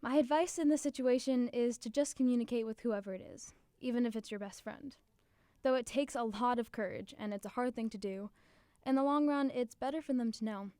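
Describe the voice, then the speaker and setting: A woman's voice: fairly high pitch, brisk, warm tone, no room sound, studio quality. A teenage girl hosting her own podcast, delivering a chatty, upbeat scripted monologue. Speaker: podcast host.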